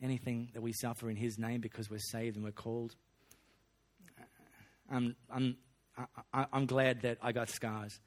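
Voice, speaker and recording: A man's voice: medium pitch, little pitch movement, moderate pace, long pauses. A man, preaching a sermon in a folksy, joking way full of slang. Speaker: pastor.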